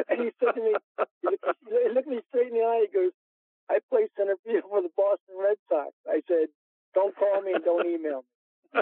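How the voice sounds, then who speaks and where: A golf instructor from New York with a New York accent, telling stories with animated energy as a guest on a radio interview. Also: male voice, high voice, moderate pace, no room sound. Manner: animated storyteller, laughs while telling. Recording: dry narrow phone-line sound.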